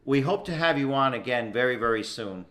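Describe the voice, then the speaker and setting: A man's voice: medium pitch, animated, a little fast, a crowd in the background. A man hosting a paranormal talk show, rambling with uh and um as he thanks his guest. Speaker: host. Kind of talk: casual show interview.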